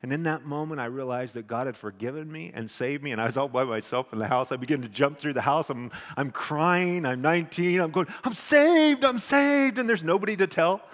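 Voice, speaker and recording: A man preaches his own testimony from the pulpit, a pastor in the middle of his pitch range. He tells the story with animation, dropping to a hush and rising close to a shout. The sound carries a long reverb from a church hall. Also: brisk, few pauses. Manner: animated storytelling, swings from hushed to near shouting. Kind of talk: sermon testimony.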